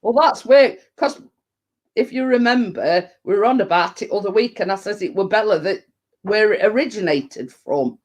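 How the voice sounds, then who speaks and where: A woman's voice: medium pitch, animated, moderate pace, a little mellow. A woman hosting a casual live stream chat, telling rambling stories and laughing easily.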